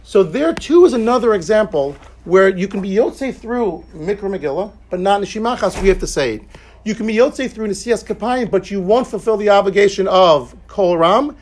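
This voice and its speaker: A man with a high voice leads a Talmud class. He talks in a loose, conversational way, restarts his sentences often, and drops in joking asides. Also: lively intonation, a little fast, darkish tone. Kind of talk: informal Talmud lecture.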